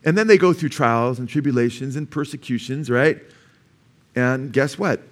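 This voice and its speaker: A man's voice: mid-range voice, moderate pace. A man with an American accent preaching a sermon in a church, telling stories in a conversational way and acting out the people in them. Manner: conversational storytelling, acts out quoted voices. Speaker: pastor. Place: church sanctuary.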